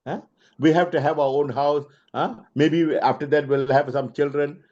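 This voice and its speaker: A practical young woman worries aloud about money, as a man puts her on in his storytelling. She is gentle but doubtful. The recording is dull and lo-fi. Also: on the high side, fairly even intonation, moderate pace, natural voice. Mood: worried.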